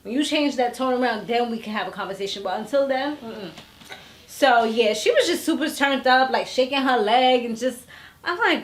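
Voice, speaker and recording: A woman's voice: a little high, a little fast. Gossipy woman vlogger, echoey room. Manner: gossipy, animated, acts out quotes with slang. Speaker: reality TV recap vlogger. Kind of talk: casual chatty recap.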